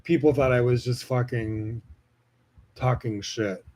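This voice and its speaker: A man's voice: mid-range voice, fairly even intonation, takes it slowly, darkish tone, a little hiss or hum. Guy hosting his own podcast, rambling on with tons of "like" and cursing. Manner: casual, rambling, heavy swearing and filler words. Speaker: podcast host. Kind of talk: solo podcast monologue.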